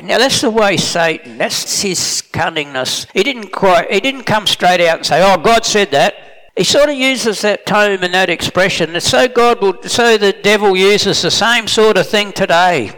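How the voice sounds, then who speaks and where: A man's voice: high voice, expressive, normal speed, bright, forceful tone. Emphatic preacher man in a reverberant hall. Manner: plain-spoken, emphatic, with self-corrections. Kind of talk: sermon.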